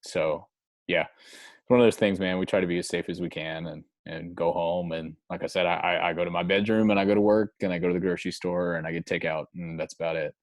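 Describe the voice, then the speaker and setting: Young male guest, very low voice, dry close sound, halting casual talk with loose swearing. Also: steady tone, dry recording. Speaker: guest, musician. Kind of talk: casual chat.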